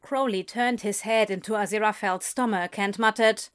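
A woman narrating a fan fiction story in an unhurried, expressive storytelling manner. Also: medium pitch, clean tone. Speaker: reader.

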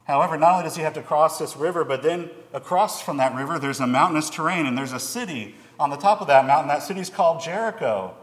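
A man's voice: a little high, quick pace, hardly any pauses. A man preaching a sermon, reading scripture aloud and then explaining it in plain, earnest words. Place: church hall. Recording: echoey hall, long reverb.

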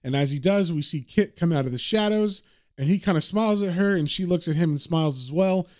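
A man casually retelling a comic book story, animated and relishing the gory scenes. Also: on the high side, fairly quick.

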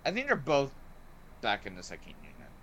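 A man hosting a podcast, chatting casually and excitedly about a movie, with lots of "like" and "um" fillers. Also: medium pitch, brisk, lo-fi sound, a little hiss or hum. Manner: excited and rambling, heavy use of "like" and "um". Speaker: podcast host. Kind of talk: casual movie review chat.

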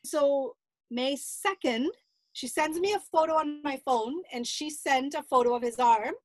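A middle-aged woman with a high voice recounts a painful family ordeal in an interview. She tells it earnestly and with animation. The sound is dry and close, with no room around it. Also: a little slow, dry recording. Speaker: interview guest, grandmother. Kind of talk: emotional personal account.

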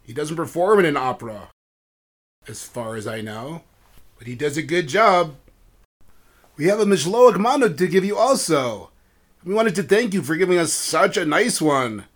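A man's voice: on the high side, lively intonation, normal speed. A man voicing an earnest, well-meaning young boy in a storybook tale, explaining eagerly.

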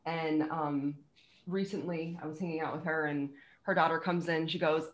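A woman's voice: deep voice, normal speed. A woman from Western Massachusetts chatting as a guest, telling stories and acting out quotes. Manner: animated storyteller, acts out quotes. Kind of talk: casual interview chat.

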